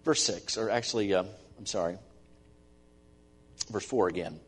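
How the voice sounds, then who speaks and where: A middle-aged man preaching a sermon as pastor, earnest, swinging between emphatic stresses and soft asides. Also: fairly low pitch, normal speed, pauses often, husky. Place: church sanctuary. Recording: long church-hall reverb.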